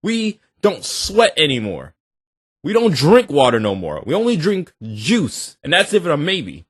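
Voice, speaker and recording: A man hosting a reaction video, talking in animated, joking, slangy banter. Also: on the high side, measured pace, breathy edge, no room sound, studio quality. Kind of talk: casual reaction commentary.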